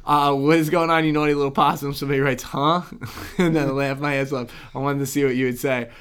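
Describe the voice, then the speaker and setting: A man's voice: mid-range voice, steady tone, fast, a bit bright, clean tone. A young man co-hosting a casual podcast, loose and laughing often, with casual swearing. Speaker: co-host.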